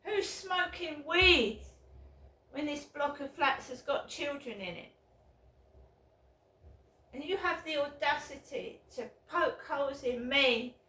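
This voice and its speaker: A woman ranting angrily in a vlog, swearing and bursting into shouts. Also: high-pitched, slow pace, long pauses. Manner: bitter, swearing, shouting outbursts. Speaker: vlogger. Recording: roomy echo, mic at a distance.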